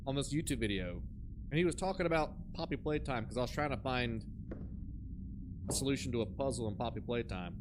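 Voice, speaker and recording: Against background noise, a man with a somewhat high voice comments casually on a horror game he's streaming. He's animated, telling jokey stories and imitating the people in them.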